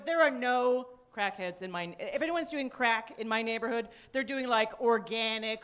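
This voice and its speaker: A woman from Canada performing a stand-up comedy set on a club stage, dry and deadpan, with sudden high-pitched bursts. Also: normal speed, hardly any pauses, background noise. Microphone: handheld stage mic. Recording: live club recording with audience laughter. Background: audience laughter.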